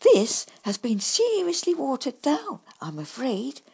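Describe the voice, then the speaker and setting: A woman voicing a kindly, polite miniature male badger in a storybook, gentle and fussing over his friend. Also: high-pitched, huge pitch swings, measured pace, vocal fry, pitched above the performer's own voice, full character voice. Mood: concerned. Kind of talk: storybook character voice.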